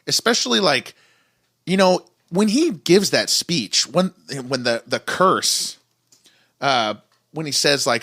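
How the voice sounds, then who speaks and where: A male podcast co-host chats casually about a show, his voice swinging up and down with lively inflection. His tone is bright, and he slips into character voices to quote scenes, laughing freely along the way. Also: fairly high pitch, measured pace. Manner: animated, acts out characters' lines in quoted voices; laughs often. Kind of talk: casual chat reviewing a TV series.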